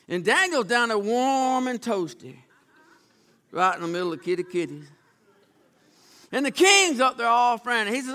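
A man's voice: very high voice, expressive, normal speed, long pauses, bright, forceful tone. A man preaching a sermon, retelling Bible stories in a folksy, dramatic way with acted-out voices. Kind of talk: storytelling sermon.

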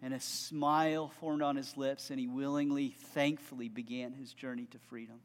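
A man's voice: medium pitch, flat delivery, moderate pace, big-room sound. A man preaching a sermon, telling a story with earnest conviction and closing in fervent prayer. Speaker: pastor.

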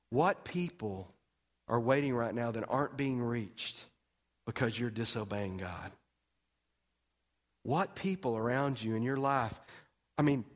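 A male pastor preaching a sermon, telling the story animatedly and swinging between loud and hushed delivery. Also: medium pitch.

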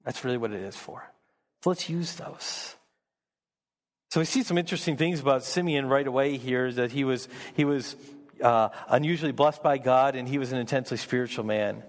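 A man's voice: mid-range voice, a little fast, in a large hall. A man preaching a sermon as pastor, earnest, often repeating words as he builds emphasis.

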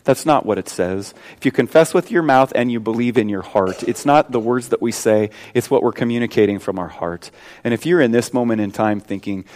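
A male pastor delivering a sermon at a church service, swinging between loud, emphatic preaching and a hushed prayer, often repeating and restarting his words. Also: mid-range voice, a little fast.

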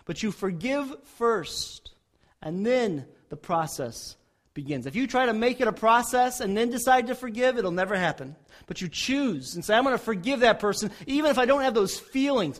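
A man preaching a sermon as pastor, rising loud when voicing prayers and dropping soft for quiet appeals. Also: extremely high pitch.

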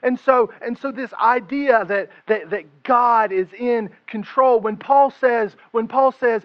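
A male pastor preaching a conversational, humorous sermon and slowing down to stress his key phrases. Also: extremely high pitch, no echo, dull audio.

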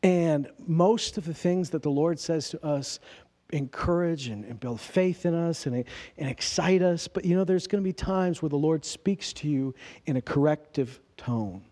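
A man's voice: on the high side, a little slow, mellow. A man preaching a sermon in a conversational way, asking his listeners rhetorical questions and acting out quoted speech in everyday voices. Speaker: pastor.

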